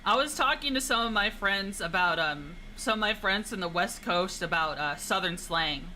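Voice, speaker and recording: A woman's voice: mid-range voice, expressive, moderate pace, pushed and bright, a little hiss or hum, low-quality recording. A young woman streaming a flight game, chatting casually and teasing her chat in a playful way.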